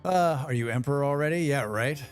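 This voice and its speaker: A man hosting a live game stream, chatting quickly with viewers and thinking aloud as he plays. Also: mid-range voice, smooth, soft background music. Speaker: livestream game host. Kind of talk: casual live gameplay commentary.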